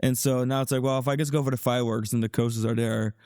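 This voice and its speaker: An American man co-hosts a podcast in easygoing casual chat. He has a middle-pitched voice and a relaxed, joking manner. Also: quick pace. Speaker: podcast co-host.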